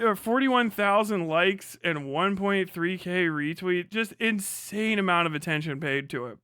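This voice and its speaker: A man's voice: high voice, a little slow, few pauses, pushed and bright, clear, resonant tone, no room sound, clean studio sound. A man streaming live, talking casually and animatedly with frequent swearing and laughter.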